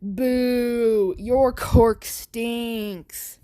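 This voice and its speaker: A woman voicing an arrogant schoolboy bully who mocks and taunts, pitched above her own voice. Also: steady tone, very slow, warm tone, clean tone. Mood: taunting. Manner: taunting, mocking. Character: arrogant bully boy, sneering and loud.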